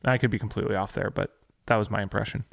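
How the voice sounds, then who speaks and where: In a dry, studio-quality recording, a man with a low-leaning voice and vocal fry races through casual talk about gear news while co-hosting a podcast. His intonation is fairly even, and he sounds hesitant, full of fillers and restarts.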